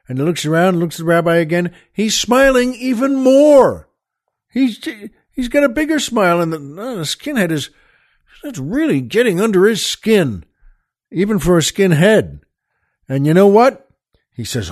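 Folksy male host with a higher voice. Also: animated, moderate pace. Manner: folksy, rambling with many fillers. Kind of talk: casual joke telling.

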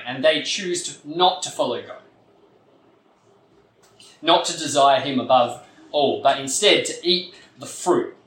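A man preaching a sermon earnestly, building emphasis and then dropping to a quiet tone. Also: mid-range voice, a little hiss or hum. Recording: echoey room, mic at a distance.

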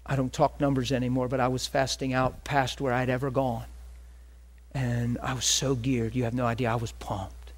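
Male preacher, sermon, animated storytelling, quick asides. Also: mid-range voice.

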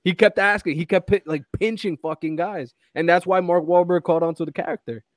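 A man's voice: high voice, steady tone, fairly quick, no room sound. A man co-hosting a podcast, chatting casually about a movie, swearing a lot, acting out quotes and laughing often. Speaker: podcast co-host.

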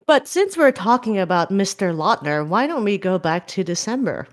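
A woman co-hosting a chatty podcast, trading quick jokes and swearing freely. Her voice sits at a middle pitch and moves at an ordinary pace. She laughs often between remarks. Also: sing-song. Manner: laughing, profane, quick banter. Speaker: podcast co-host. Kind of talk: casual chat.

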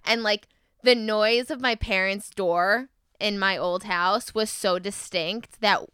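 A young woman tells a story to friends with bright, animated energy and frequent laughter. Her voice is smooth and clear, recorded close and dry. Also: medium pitch, slow pace, no echo. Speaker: guest, host's girlfriend. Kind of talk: casual storytelling among friends.

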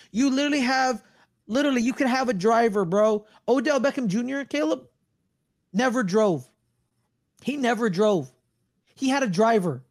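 A man's voice: extremely high pitch, creaky, dry recording, studio quality. A man co-hosting a sports podcast, ranting in a loose, slangy way and repeating himself. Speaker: podcast co-host. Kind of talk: casual sports chat.

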